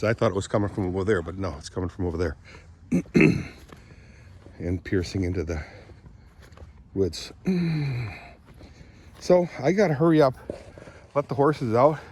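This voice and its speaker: An older man vlogging outdoors by the woods on a phone camera, rambling as he thinks aloud, often clearing his throat and a bit out of breath. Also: lowish voice, darkish tone, a little hiss or hum. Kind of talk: casual morning vlog, thinking aloud outdoors.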